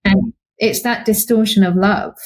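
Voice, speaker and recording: A woman's voice: mid-range voice, a little slow. A young woman co-hosting a podcast, speaking conversationally and animatedly, often acting out the voices of people in her stories. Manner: animated storytelling, acts out quoted voices. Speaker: podcast co-host, psychologist.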